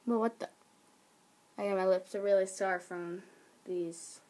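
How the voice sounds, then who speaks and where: A woman's voice: mid-range voice, fairly even intonation, a little slow, dark tone. A teenage girl vlogging in a casual chat, talking in a giggly way and jumping from topic to topic. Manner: chatty, giggly, jumps between topics.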